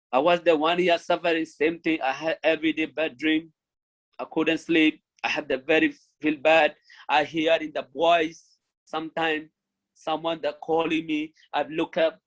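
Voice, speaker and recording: Pleading man from Myanmar, halting English. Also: on the high side, fairly bright tone, rough recording. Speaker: refugee speaker. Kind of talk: speech at an online launch event.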